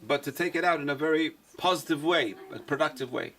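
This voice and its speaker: A man's voice: on the high side, fast talker, crowd noise. A man, a rabbi, teaching a class and repeating his key points for emphasis. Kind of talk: lecture-style Torah class.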